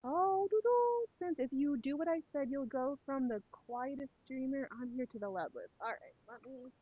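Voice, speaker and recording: A woman's voice: high voice, normal speed, phone-quality sound. A woman chatting casually to her live stream while sewing, rambling and talking to herself and her pets.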